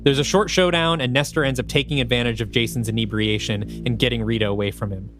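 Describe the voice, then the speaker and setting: A man co-hosting a podcast, narrating a story pitch in an animated, thinking-aloud way. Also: fast, over music. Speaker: podcast co-host.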